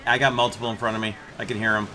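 A man hosting a gaming channel, explaining his match in a relaxed way and then calling out targets to his squad. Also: fairly low pitch, racing, slight background noise. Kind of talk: gameplay commentary and squad voice chat.

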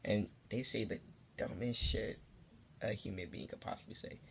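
A young man telling a comedic story to the camera in a casual, profane, rambling way, sometimes jumping into high squeaky voices for the people in it. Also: normal speed, gravelly, a bit bright, a little hiss or hum. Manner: profane, rambling asides to the viewer. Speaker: storytime vlogger.

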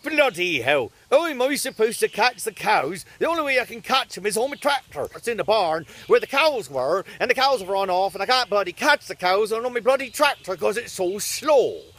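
A man's voice: high-pitched, sing-song, moderate pace, few pauses, fairly bright tone, exaggerated voice. A man voicing a grumbling middle-aged Cornish farmer chasing cows, in an exasperated, cursing comic monologue. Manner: exasperated, cursing, rambling complaint.

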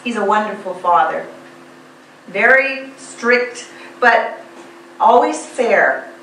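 A woman's voice: mid-range voice, expressive, slow pace, a bit bright. A woman playing a weepy, sentimental divorcee in an amateur stage comedy, with dramatic sighs. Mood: polite. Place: theatre stage. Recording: echoey hall, stage mic far off, faint hum.

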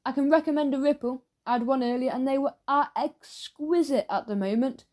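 A woman's voice: high-pitched, fairly quick, a little mellow, voice pushed up, close to an everyday voice. Raj, a woman voicing a fawning chatty shopkeeper. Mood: eager, fawning. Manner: fawning, salesy, rambling. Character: overly eager, chatty male shopkeeper.

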